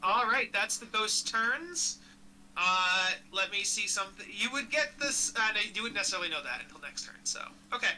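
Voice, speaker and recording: Super bright game master voice, chatty and loose, a bit of hiss behind. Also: mid-range voice, lively intonation, normal speed, rough recording. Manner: casual, chatty, laughs easily, self-corrects. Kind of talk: running a tabletop game online.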